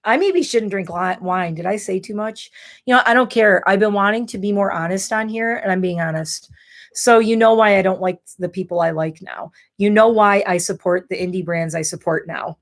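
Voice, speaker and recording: Speaking at a moderate pace in a mid-range voice, a woman in her thirties chats openly and wanders from topic to topic. It's a relaxed beauty livestream, and she's had a bit of wine.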